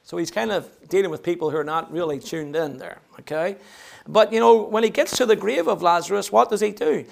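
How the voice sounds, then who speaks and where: Gravelly high-voiced Northern Irish preacher. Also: male voice, a little fast. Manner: swings between ringing proclamation and chatty, joking asides. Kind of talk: sermon.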